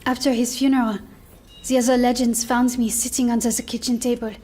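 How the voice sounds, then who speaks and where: A woman playing a high, soft-spoken shy young woman. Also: flat delivery, fairly quick, lightly acted. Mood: earnest. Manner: soft, hesitant, earnest. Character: kind, shy young woman, gentle helper. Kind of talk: video game cinematic acting.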